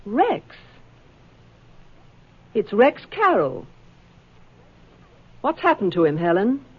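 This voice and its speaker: A jealous, spiteful woman mocks her rival in a sneering drawl. The voice is husky and slightly rough. The old broadcast sounds thin and tinny, like a phone line. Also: medium pitch, sing-song, slow pace, heavily acted. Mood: taunting. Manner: sneering, mocking. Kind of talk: 1940s radio acting.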